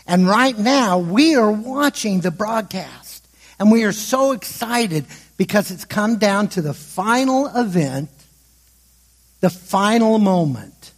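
A man with a fairly high, husky voice preaches to his listeners, telling a story step by step. He builds tension, sometimes racing ahead and sometimes slowing right down. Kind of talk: sermon storytelling.

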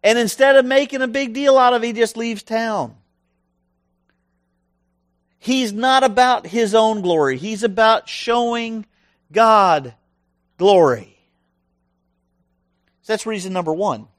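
A middle-aged man preaching a sermon in a conversational, animated way, often asking his listeners questions. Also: sits high, takes it slowly, long pauses, dry recording, studio quality.

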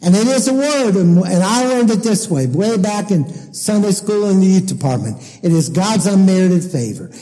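A man preaching a sermon as pastor, emphatic and deliberate as he explains scripture. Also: high-pitched, lively intonation, dark tone, in a large hall, rough recording.

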